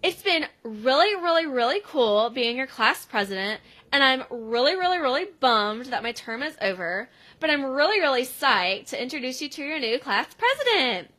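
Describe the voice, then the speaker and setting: A woman voicing a bubbly outgoing girl class president in a gushing, high, sing-song way. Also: big pitch swings, normal speed, sharp tone, exaggerated voice.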